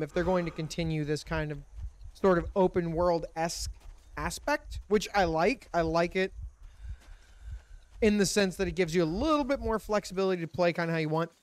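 A man's voice: on the high side, smooth, no room sound. A man hosting a let's play, commenting on his game in a frustrated, profane, ranting way. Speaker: gaming channel host.

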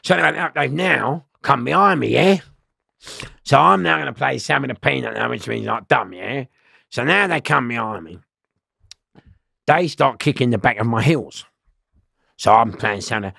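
A middle-aged man, telling prison stories loudly in an interview. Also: medium pitch, moderate pace, vocal fry, long pauses, slightly rough, dry recording, clean studio sound. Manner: loud, lively, laughing storyteller. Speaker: interview guest. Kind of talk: storytelling in an interview.

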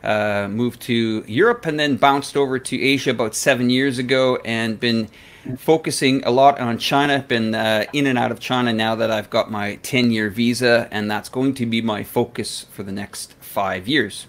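A relaxed man from Canada chats easily with friends. His voice is of ordinary pitch. He sounds casual and unhurried. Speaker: guest. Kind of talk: casual chat.

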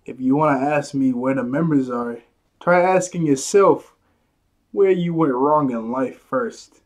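A man's voice: mid-range voice, a little slow, darkish tone, natural voice. A man reading as a defiant beaten dealer. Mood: scornful. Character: defiant beaten male black-market dealer.

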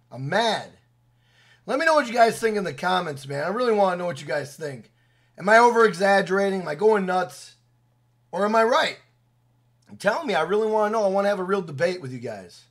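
A man with a fairly high voice for a man, ranting at his audience. He swears constantly, repeats himself for emphasis and talks in a blunt, heated way. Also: a bit bright. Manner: profane, heated, repetitive, blunt. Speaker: gaming video creator. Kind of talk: angry rant to camera.

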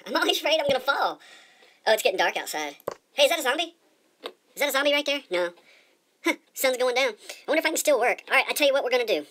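A woman's voice: sits high, very animated, fast, long pauses, a bit bright. A woman giving casual let's-play commentary as she plays, chatty and rambling, often repeating her words. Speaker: gamer.

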